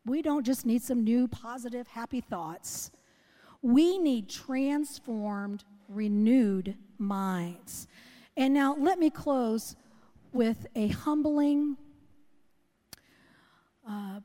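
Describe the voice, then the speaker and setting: A woman's voice: on the high side, mellow. A middle-aged woman preaching a sermon, earnest and conversational, often asking the congregation questions. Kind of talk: sermon with personal story. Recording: long hall reverb.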